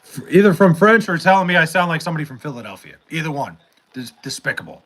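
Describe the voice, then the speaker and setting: A man's voice: a little high, expressive, fast, fairly bright tone. A young man hosting a casual livestream, reading chat and rambling with profanity, fillers and restarts.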